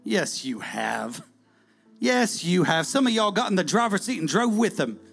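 Gravelly preacher, high and animated. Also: male voice, brisk, faint music behind. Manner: animated, swings from loud calls to near-whispers. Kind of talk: sermon.

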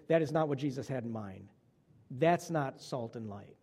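High-voiced, mellow male preacher. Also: moderate pace, in a large hall. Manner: storytelling with animated dialogue. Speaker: pastor. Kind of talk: sermon.

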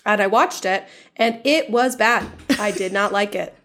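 Woman cohost chatting about a movie she watched, relaxed storytelling. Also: mid-range voice, normal speed. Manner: conversational, storytelling recaps. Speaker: podcast co-host. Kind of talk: casual chat.

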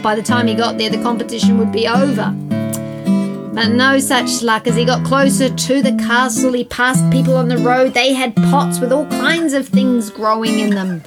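A high-voiced woman telling a story to a group of children. She is animated, gasping in surprise and turning to her listeners with questions. Loud guitar music plays behind her.

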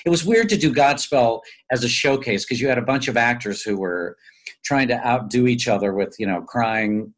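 A man, a stage actor guest, telling chatty, animated anecdotes in a casual interview. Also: medium pitch, normal speed.

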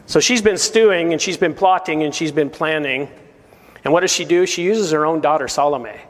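A male pastor delivers a sermon in an earnest, emphatic way, pressing his listeners with questions. His voice sits a little higher than most men's. The sound carries a long reverb, as if from a large hall. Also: normal speed. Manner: earnest and emphatic, full of rhetorical questions to the congregation. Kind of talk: verse-by-verse sermon.

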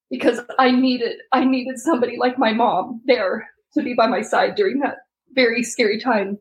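A woman's voice: on the high side, a little hiss or hum, low-quality recording. Woman retelling an emotional story. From United States. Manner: heartfelt, acts out quoted voices, laughs between lines. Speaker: guest telling her story. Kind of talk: emotional personal storytelling interview.

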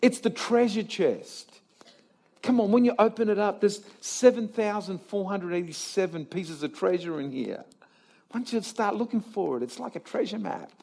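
A man preaching in church, his fairly high voice leaping up and down as he urges the congregation on. He drops low and quiet, then climbs into shouted exhortation, peppering the room with rhetorical questions. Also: gravelly, breathy edge. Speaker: pastor. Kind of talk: sermon. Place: church service before a live congregation.

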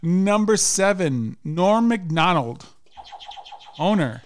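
A man's voice: sits high, animated, slow, a little hiss or hum. A man hosting a podcast and running a quiz game for his guests, joking and laughing between questions. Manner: playful, laughing quiz-master. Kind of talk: casual studio banter.

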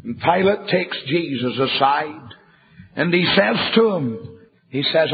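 Fiery preacher man, high gravelly voice. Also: lively intonation, slow pace. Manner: swings from quiet to shouted preaching. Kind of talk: fiery revival sermon. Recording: dull recording in a reverberant hall.

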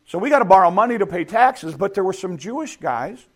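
Conversational preaching man, rather high voice. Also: animated, brisk, a bit bright. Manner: conversational preaching with rhetorical questions. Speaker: pastor. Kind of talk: sermon.

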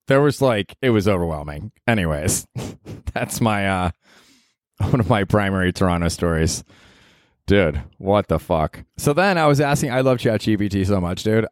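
A young man with a lowish voice hosts his own podcast alone and rambles through stories with plenty of swearing. He keeps laughing at himself and tosses "dude" into nearly every thought. The recording is close and dry, with no room sound. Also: dry recording. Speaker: podcast host. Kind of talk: casual solo podcast storytelling.

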